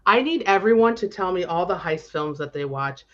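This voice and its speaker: A woman's voice: fairly low pitch, lively intonation, normal speed, over a noisy crowd. Woman podcaster chatting loosely, swears a lot, says like a ton, kinda dull lo-fi sound. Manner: chatty, swears freely, lots of fillers. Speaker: podcast co-host. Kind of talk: casual chat. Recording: slightly dull lo-fi audio.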